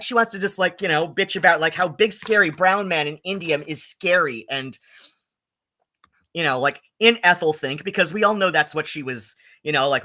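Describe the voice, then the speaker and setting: A man streaming rambling, sarcastic commentary, halting on constant ums and likes. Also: on the high side, pushed and bright. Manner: filler-heavy, halting, with many ums and likes; sarcastic and exasperated.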